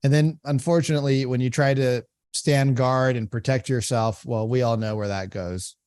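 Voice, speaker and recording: A man's voice: medium pitch, fairly even intonation, normal speed, a little mellow, no room sound. A man coaching real estate agents in a conversational way, repeating phrases and acting out sample calls. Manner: conversational, repeats phrases, acts out call examples. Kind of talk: reaction commentary and coaching.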